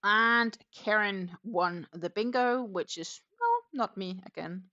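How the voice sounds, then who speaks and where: Very animated yet slow, this Danish woman has a mid-range, bright voice and a forceful tone, recorded in lo-fi sound. Casually chatting on her home crochet livestream, she reads out viewer comments with many fillers and a Danish-Dutch-English accent.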